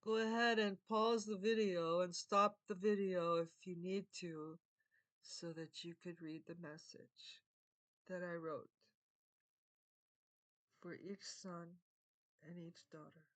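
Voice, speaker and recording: A woman's voice: lowish voice, fairly even intonation, slow, pauses often. An older woman speaking a heartfelt monologue to camera as a vlogger, earnest and meandering, often circling back and repeating her phrases.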